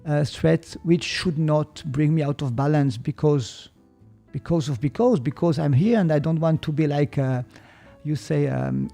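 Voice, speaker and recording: Swiss German-accented male guest, slightly high voice, unhurried and explanatory. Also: gravelly, soft background music. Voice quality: searches for words, mixes in German. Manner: calm, explanatory, hesitant. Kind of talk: reflective podcast conversation.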